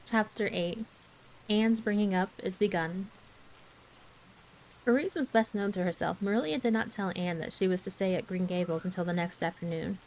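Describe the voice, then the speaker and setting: A woman gently narrating a classic novel as a soft ASMR bedtime story reading. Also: medium pitch, normal speed, slight background noise, low-quality recording.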